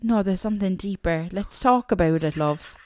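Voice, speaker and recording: A woman's voice: mid-range voice, moderate pace, darkish tone. A young woman, co-hosting a podcast in casual chat, teasing and sarcastic. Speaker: podcast co-host.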